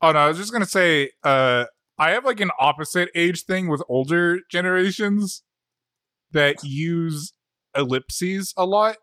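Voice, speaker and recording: A man in relaxed podcast chat with a bright, slightly raised voice. He talks quickly and emphatically, restarting his sentences. The sound is close and dry. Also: on the high side, no echo. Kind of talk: casual chat.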